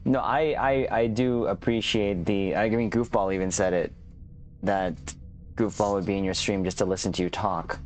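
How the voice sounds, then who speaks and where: Low-voiced male livestream host. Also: steady tone, normal speed, darkish tone. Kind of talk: casual chat on a livestream.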